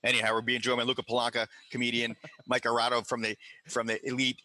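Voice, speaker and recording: Man, podcast host, chatty, stumbling, bright voice. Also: mid-range voice, completely flat delivery, fast talker, no room sound. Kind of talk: casual chat, hosting.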